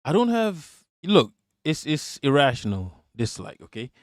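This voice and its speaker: A man's voice: medium pitch, big pitch swings, unhurried, no room sound, studio quality. Blunt, profane man streaming live. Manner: blunt and profane, laughs often, repeats himself. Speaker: live-stream political commentator. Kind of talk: casual live-stream talk, reading chat.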